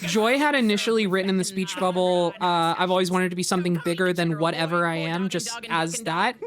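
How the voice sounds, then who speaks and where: A woman's voice: fairly low pitch, steady tone, a little fast, crowd noise. A woman, a voice actor, chatting casually in a group commentary, telling a story with frequent laughs and fillers.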